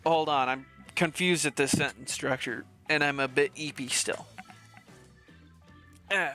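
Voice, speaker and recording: Playful young streamer man, quick asides. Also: fairly high pitch, sharp tone, faint music behind. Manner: playful, quick asides with frequent self-corrections. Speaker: vtuber streamer. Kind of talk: reading game dialogue aloud on a live stream.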